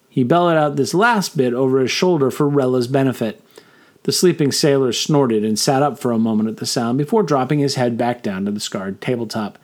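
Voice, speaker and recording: Storyteller man reading fantasy fiction, mid-pitched, scripted. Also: expressive, normal speed, darkish tone. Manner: reads all characters himself. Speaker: narrator.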